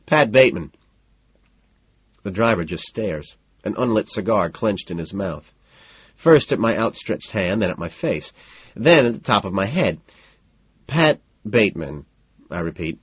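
A man narrating a first-person audiobook in a dry, deadpan way. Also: low voice, normal speed, breathy edge, no room sound. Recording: dull, dry lo-fi recording.

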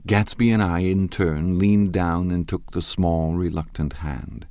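A man narrating a literary audiobook in a measured, even reading. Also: low voice, gravelly, no echo.

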